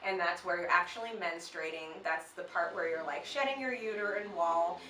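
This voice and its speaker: A woman's voice: on the low side, normal speed, background noise. A woman co-hosting a casual chat, talking loosely with lots of fillers. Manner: chatty, uses many fillers. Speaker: co-host. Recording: echoey room, mic at a distance.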